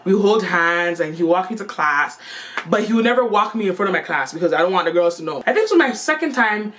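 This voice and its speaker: A young woman telling a storytime vlog in an animated, playful and slangy way. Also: lowish voice, quick pace. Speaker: vlogger.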